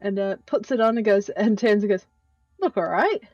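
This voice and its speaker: A woman playing a tabletop game, haltingly voicing her character as she haggles. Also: medium pitch, expressive, darkish tone, no echo, muffled recording, faint music behind. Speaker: player.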